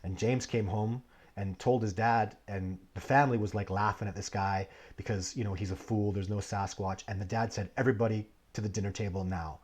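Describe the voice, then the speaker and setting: A man hosting a casual live Q&A stream, telling long, digressive stories with many restarts. He swings between animated bursts and low, muttered asides. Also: normal speed. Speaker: livestream host answering viewer questions.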